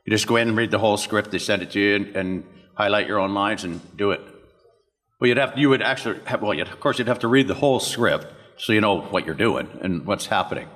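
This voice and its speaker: Older guy, lowish voice, rambling panel stories w/ little impressions, big echoey hall. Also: fast talker, a bit bright. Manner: rambling anecdotal, acts out others' lines and laughs. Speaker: voice actor, convention panel guest. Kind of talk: convention panel storytelling. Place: convention panel room. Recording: long echo of a convention hall.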